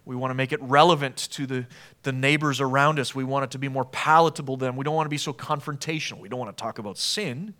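Preaching man, hushed to emphatic. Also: mid-range voice, fast talker. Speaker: pastor. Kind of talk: sermon. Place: church sanctuary.

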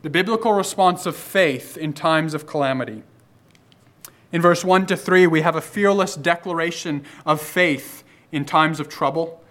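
A man preaching a sermon, building emphasis through repeated phrases and slowing down to stress key lines. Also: on the high side, fairly bright tone.

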